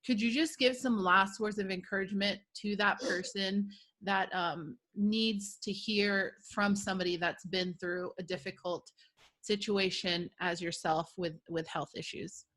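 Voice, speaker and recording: A woman's voice: mid-range voice, fairly even intonation, unhurried, fairly bright tone. A woman hosting a podcast interview, speaking effusively and encouragingly to her guest. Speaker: podcast host. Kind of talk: casual interview chat.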